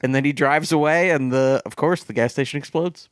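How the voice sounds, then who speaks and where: A man's voice: on the high side, fairly quick, clean tone, no echo, clean studio sound. A man co-hosting a podcast, recapping a film in casual, joking chat. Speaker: podcast co-host.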